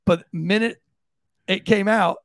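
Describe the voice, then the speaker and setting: A man's voice: high voice, measured pace, vocal fry, no echo, studio quality. A man in his thirties, a former police officer co-hosting a podcast, telling stories in casual chat and acting out what people said. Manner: animated storyteller, acts out quotes.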